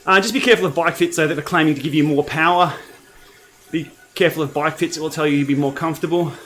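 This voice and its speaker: A man's voice: a little high, fast talker, fairly bright tone, a little hiss or hum. A man with an Australian accent hosting a casual cycling livestream, chatting in a laid-back way and answering viewer comments as he rides. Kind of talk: casual livestream chat while riding. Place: home training room.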